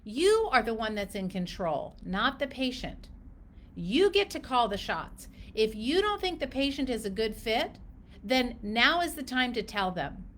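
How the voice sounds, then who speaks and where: Emphatic, animated woman coaching clinicians. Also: a little high, measured pace, a little hiss or hum. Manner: emphatic, animated, acts out patient dialogue. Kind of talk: direct-to-camera business coaching.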